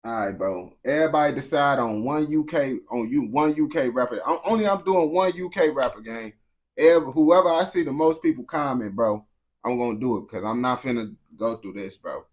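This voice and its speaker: A young American man holds forth to his live chat in a loose, unscripted rant. His speech is blunt and slangy, full of restarts, repeated words and a steady "bro". His pitch sits in an ordinary middle range. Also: moderate pace. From United States. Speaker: streamer talking to chat. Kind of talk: casual unscripted rant to viewers.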